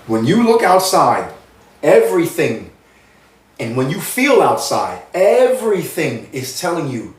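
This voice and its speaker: Man rambling in a roomy distant recording. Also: a little high. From United States. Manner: meandering, repetitive, earnest. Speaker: spiritual channel host. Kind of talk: rambling spiritual monologue. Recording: roomy sound, mic at a distance.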